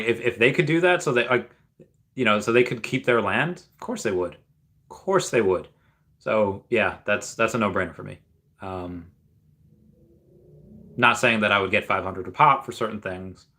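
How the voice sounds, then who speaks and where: A man's voice: mid-range voice, bright, forceful tone. A man hosting a casual livestream, rambling with many restarts and reading viewer comments aloud before reacting to them. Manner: rambling, with frequent restarts and fillers. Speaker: livestream host.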